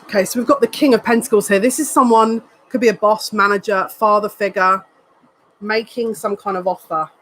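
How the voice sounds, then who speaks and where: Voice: medium pitch, fairly even intonation, fairly quick, a bit bright, low-quality recording. A psychic reader giving a live tarot card reading in an earnest, emotional way, repeating phrases and thinking aloud as they turn the cards. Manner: emotional, says they are near tears.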